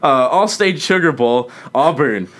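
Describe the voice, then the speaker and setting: A man's voice: a little high, expressive, measured pace. Playful young man hosting sports picks. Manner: playful, teasing, laughs often. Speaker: podcast host. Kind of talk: casual sports podcast banter.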